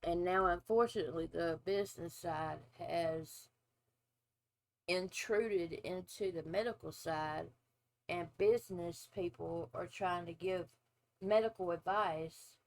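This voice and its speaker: This lowish-voiced woman, a former nurse in her forties, runs a casual reaction video where she's blunt, opinionated, and prone to drawn-out asides. The recording is rough.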